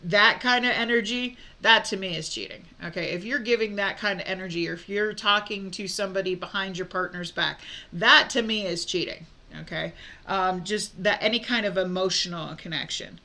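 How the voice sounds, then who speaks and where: A woman's voice: mid-range voice, moderate pace, pushed and bright. A woman giving a casual tarot reading, talking frankly with many fillers and restarts. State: hiccups. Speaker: tarot reader.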